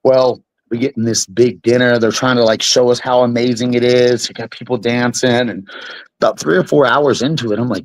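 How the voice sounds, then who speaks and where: A young man, a bare-knuckle fighter, tells a wild story in a casual interview, animated and swearing freely. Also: mid-range voice, brisk, dry recording, poor audio.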